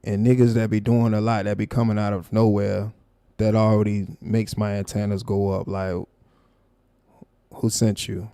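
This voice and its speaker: A man's voice: fairly low pitch, level tone, normal speed, mellow, smooth, dry recording, studio quality. A man hosting a live stream, confrontational and profane, calling someone out in a heated rant.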